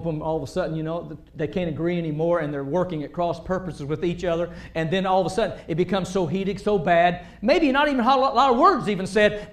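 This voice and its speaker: A man preaches in a high-pitched voice, his sermon echoing through a church sanctuary. He's animated throughout, hammering home his points loudly before slipping into quieter asides.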